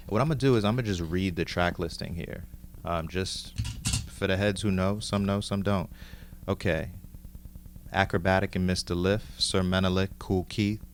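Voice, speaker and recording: Middle-aged man from New York City, very low voice, relaxed show-and-tell host. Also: slight background noise. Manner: laid-back, musing, reads lists aloud. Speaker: host showing his mixtape collection.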